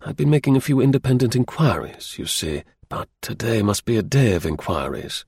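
A man voicing a sharp, aloof male detective who speaks in a measured, lecturing way, in a husky, gravelly voice. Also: mid-range voice, very animated, no room sound, full character voice. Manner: measured, explaining, a little dry.

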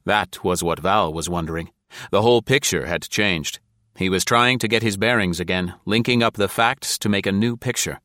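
A man narrates an adventure novel in a measured, dramatic reading. His voice is very deep and low. The recording is dry and close, with no room sound. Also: fairly bright tone, dry recording. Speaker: audiobook narrator. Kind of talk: scripted narration.

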